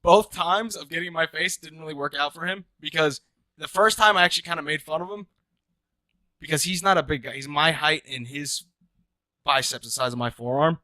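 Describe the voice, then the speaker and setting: A man's voice: on the high side, brisk, sharp tone, dry recording. A young man in his twenties co-hosting a casual podcast, telling stories animatedly, acting out quotes and swearing freely. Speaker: podcast co-host. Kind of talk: casual chat, storytelling.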